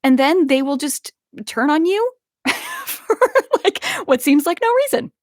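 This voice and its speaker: A young woman telling a personal story in casual conversation, animated, with frequent laughs and many restarts. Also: sits high, measured pace, no echo, clean studio sound. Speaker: podcast guest.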